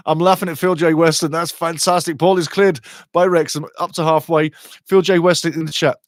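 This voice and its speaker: A middle-aged man calling a football match live for his viewers, chatty and excitable, climbing higher and louder when an attack builds. His voice sits a little high for a man. It is recorded close and dry, with no room sound. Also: a little fast, dry recording. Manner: excitable, chatty, rises in pitch and volume on attacking play. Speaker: watchalong commentator and host. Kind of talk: live fan commentary with chat reading.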